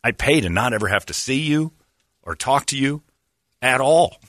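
A man hosting a talk show, telling comic stories in a loose, chatty way and acting out other people with sudden loud yelps. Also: medium pitch, moderate pace, no room sound, clean studio sound. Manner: animated, acts out voices with loud yelps. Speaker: radio show host. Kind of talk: casual comedic storytelling.

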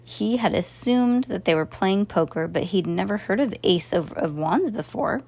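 A woman reads a storybook aloud at a middle pitch. She stumbles now and then, backing up to restart a phrase. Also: expressive, unhurried, gravelly, few pauses, darkish tone, breathy edge. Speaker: narrator. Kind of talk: storybook reading.

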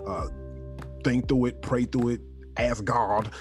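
A man's voice: medium pitch, steady tone, slow. A man hosting a podcast, making an encouraging, upbeat announcement to listeners. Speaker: podcast host. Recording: music bed behind the voice.

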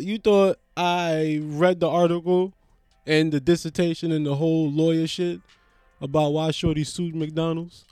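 A young man giving a rambling, profane comedic monologue to camera, swinging from loud rants to low mutters. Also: normal speed, smooth, no room sound, studio quality, faint music behind. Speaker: vlogger.

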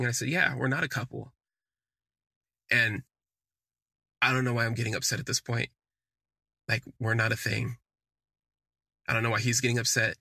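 A man's voice: medium pitch, creaky, sharp tone, breathy edge, no echo. A man hosting a podcast, telling a candid personal story in casual, conversational storytelling with frequent fillers. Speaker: podcast host.

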